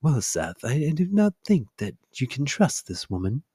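A man's voice: mid-range voice, sing-song, moderate pace, warm tone, slightly rough, no echo, clean studio sound. A man voicing a male baboon in a stiff British accent who cautions a friend. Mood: cautioning. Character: prim male talking baboon.

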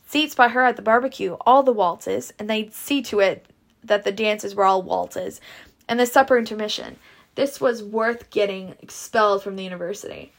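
A woman reading a novel aloud at a steady pace, now and then stumbling over a word. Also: medium pitch, gravelly. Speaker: reader.

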